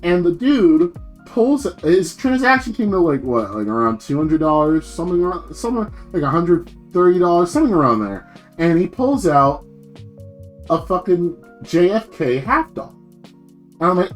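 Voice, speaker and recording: A man's voice: a little high, animated, moderate pace, faint music behind. Slangy, swearing young man ranting. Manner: profane, slangy, acts out quoted people. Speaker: VTuber streamer. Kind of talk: casual ranting story to stream chat.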